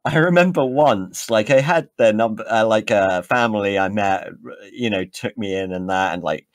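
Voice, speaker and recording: A man's voice: lowish voice, moderate pace, no echo. A young English man with an English accent, co-hosting a casual podcast chat, laughing often and telling stories with animation. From England. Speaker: podcast co-host.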